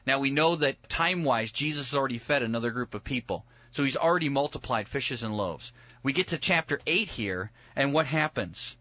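Brief: male co-host, animated Bible talk, dry dull lo-fi sound. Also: medium pitch, brisk, no room sound. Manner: animated, acts out voices of biblical figures. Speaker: Bible study podcast co-host. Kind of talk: casual Bible discussion.

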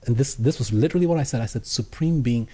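A man telling his personal faith story as an interview guest, earnest, with halting restarts. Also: medium pitch, lively intonation, dark tone, husky. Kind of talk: personal testimony in conversation.

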